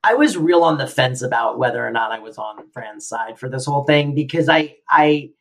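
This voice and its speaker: A woman co-hosting a podcast in casual chat, rambling with lots of fillers and trailing off into soft mutters. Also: extremely low pitch, expressive, moderate pace. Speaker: podcast co-host.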